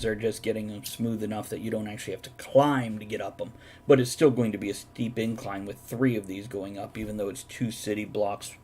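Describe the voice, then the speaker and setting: A man's voice: lowish voice, darkish tone. A man running a tabletop game as game master, who explains the scene methodically and laughs often.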